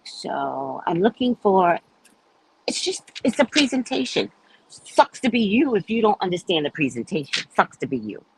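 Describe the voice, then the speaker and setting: A woman's voice: mid-range voice, sing-song, normal speed, creaky, slight background noise, rough recording. A woman from the United States hosting a casual livestream chat, telling stories in a loose, profane way and acting out the voices of the people she quotes. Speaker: livestream host.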